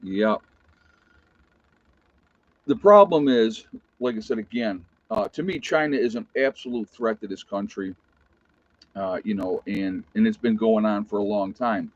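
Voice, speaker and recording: Hosting a laid-back livestream, a middle-aged Appalachian American man talks at a measured pace with long pauses in a fairly low voice. He rambles, loses track of his thoughts, and reads out chat messages. The recording is dry, dull, and a bit lo-fi.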